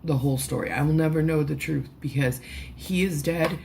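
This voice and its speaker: A woman vlogging, close to tears, talking haltingly with many restarts and swear words, through a headphone mic at home. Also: low voice, vocal fry, a little mellow, a little hiss or hum. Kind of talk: emotional personal vlog.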